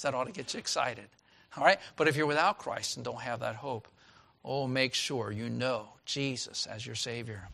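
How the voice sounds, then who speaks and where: Animated bright-voiced male pastor preaching. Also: mid-range voice, normal speed, gravelly. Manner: animated preaching, swings from loud to hushed. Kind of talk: sermon.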